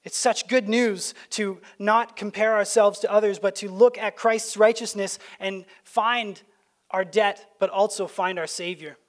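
High-voiced male pastor preaching. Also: steady tone, unhurried. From Canada. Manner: conversational, anecdotal preaching with frequent restarts. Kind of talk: sermon. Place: church sanctuary.

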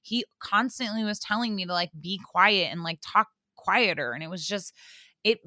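A young woman hosting a podcast, telling a story in casual chat, animated, full of fillers and swearing. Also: medium pitch, normal speed, dry recording, studio quality. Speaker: podcast host.

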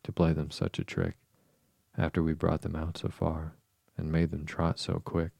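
A man reading the part of a sly, greedy walrus who coaxes oysters along, in a calm storybook voice. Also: a bass voice, normal speed, gravelly, slightly rough, dry recording, studio quality, full character voice. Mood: coaxing. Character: sly greedy male walrus, falsely tearful.

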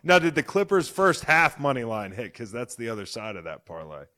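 A man in his thirties hosting a casual sports podcast, excitable and loud, swearing freely as he talks. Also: medium pitch, brisk. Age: 30s. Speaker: podcast host.

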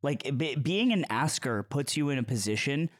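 Young male co-host, mid-pitched, joking, loose rambling delivery. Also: animated, normal speed, no echo, studio quality. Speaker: podcast co-host. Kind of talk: casual chat.

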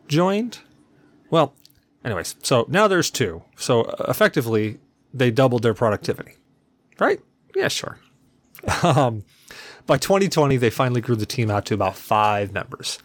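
A man hosting a podcast alone, rambling in a casual, self-deprecating way and swearing freely. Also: medium pitch. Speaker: podcast host. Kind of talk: casual solo podcast chat.

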